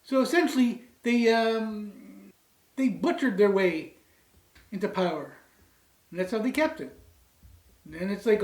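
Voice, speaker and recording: A man's voice: high-pitched, expressive, measured pace, long pauses, distant mic. Rambling joking man in an echoey room. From Canada. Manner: rambling, jokey, says "anywho" often. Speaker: co-host. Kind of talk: casual beer-tasting chat.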